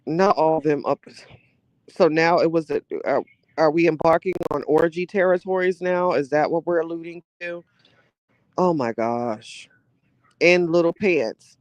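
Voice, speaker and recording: Woman podcast host, animated casual commentary, dry close recording. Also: deep voice, moderate pace, no echo, dull audio. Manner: chatty, animated, exclamatory with laughter.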